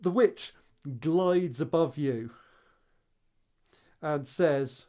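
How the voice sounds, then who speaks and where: A woman running a tabletop game as game master, unhurried and laughing often. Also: low-pitched, warm tone.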